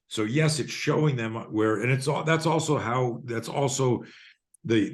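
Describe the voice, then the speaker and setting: A man in his fifties, a fear and self-defense coach, telling stories in a podcast interview and acting out both sides of the conversations. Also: on the low side. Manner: animated storyteller acting out dialogues.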